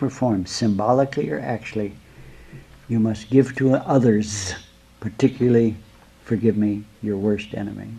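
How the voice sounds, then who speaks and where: A man with a husky, slightly breathy voice gives a spiritual talk. His pitch sits in an ordinary middle range. He talks slowly and meanders from point to point, tenderly calling his students beloved. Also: mellow, poor audio. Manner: slow, rambling, addresses listeners as beloved. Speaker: spiritual teacher.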